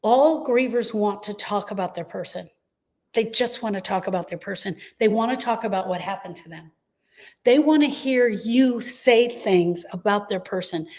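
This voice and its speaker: A middle-aged woman talks straight to grieving listeners, earnest and emphatic. She leans on repeated phrases to reassure them, and her pitch sits in the middle of the range. The delivery is a heartfelt live talk, not a polished script. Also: moderate pace, a little mellow. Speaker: grief coach and host.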